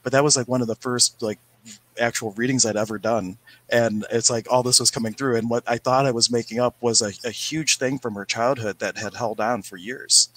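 A man's voice: medium pitch, fairly even intonation, fairly bright tone, a little hiss or hum, low-quality recording. A man co-hosting a casual chat about spirituality from home, rambling and telling stories. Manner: rambling, storytelling, quick bursts. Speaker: podcast co-host.

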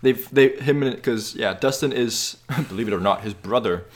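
A man's voice: medium pitch, moderate pace. A man co-hosting a casual movie podcast, hesitant, with dry jokey asides. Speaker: podcast co-host.

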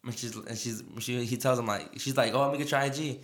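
This podcast host talks fast with a medium pitch, fairly even intonation and a fairly bright tone. In casual chat he rambles through a story, laughing, heavy on filler and quoted dialogue, recorded in an echoey room.

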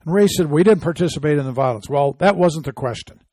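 An indignant man hosting a commentary show, his voice pitched a little high for a man. He reads quotes aloud and scoffs at them. The recording is dry and close, with no room sound. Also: quick pace, a little mellow, no room sound. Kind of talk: opinion commentary.

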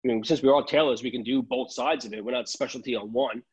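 A man's voice: mid-range voice, fairly even intonation, quick pace, husky, highs cut off. A man, a tailor chatting casually on a podcast, rambling and restarting his sentences.

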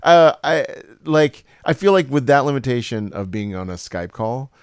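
A man co-hosting a casual chat, telling stories in an animated way. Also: medium pitch, normal speed, smooth, dry recording, studio quality. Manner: animated storytelling, puts on accents from scripts. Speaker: podcast co-host.

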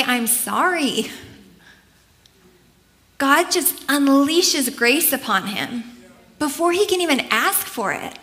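Woman preacher, bright and a bit high, earnest, conversational sermon delivery.

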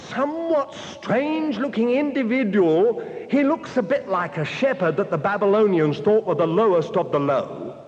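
A man preaching a sermon, speaking to his listeners directly and building long repeated lists. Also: very high-pitched. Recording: dull, echoey hall recording.

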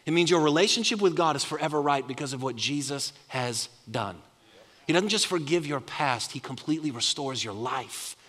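Animated male pastor preaching in a reverberant hall. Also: on the high side, moderate pace. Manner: animated preaching, leads congregation in call-and-response. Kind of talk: sermon. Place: large church hall.

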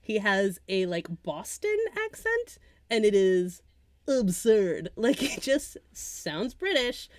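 A woman co-hosting a podcast, chatting casually about films, animated and often laughing as she trails off into asides. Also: mid-range voice, takes it slowly, no echo, clean studio sound. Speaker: podcast co-host. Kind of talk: casual film chat.

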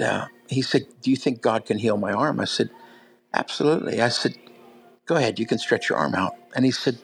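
A man's voice: medium pitch, poor audio. A big man preaching, telling stories conversationally with many fillers and restarts. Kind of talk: sermon storytelling.

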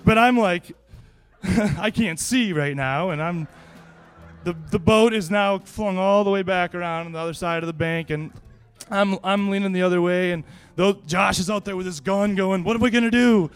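A man telling a personal anecdote in a lively, casual way, laughing often and restarting his sentences. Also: high voice, moderate pace, clear, resonant tone. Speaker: storyteller.

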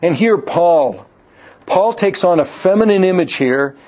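A man's voice: high voice, animated, unhurried, mellow. A man preaching and teaching on a Bible passage in an earnest way, asking his listeners questions and often repeating words as he restarts a phrase. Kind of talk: sermon-style Bible teaching. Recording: dull lo-fi recording.

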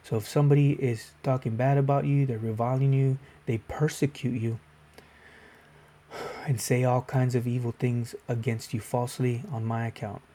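A man's voice: medium pitch, flat delivery, moderate pace, dark tone. A man giving a casual Bible devotional video, reading scripture aloud and then explaining it in a conversational way.

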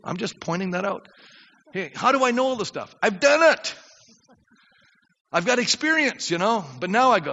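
An older man preaching a sermon as pastor, acting out prayers and swinging from quiet asides to shouts. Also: normal speed, long pauses. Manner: animated preaching, acts out prayers, drops low then shouts. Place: church sanctuary. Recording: dull reverberant church recording.

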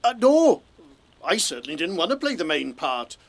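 A man's voice: fairly high pitch, very animated, moderate pace. A man playing a timid, grumbling member of an amateur drama group in a radio comedy. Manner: hesitant, sardonic. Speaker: amateur actor.

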